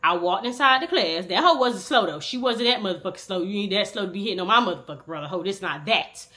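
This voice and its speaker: Bright-voiced woman telling a wild storytime. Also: medium pitch, fast. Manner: animated, profane, talks straight to the viewer. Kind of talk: casual storytime.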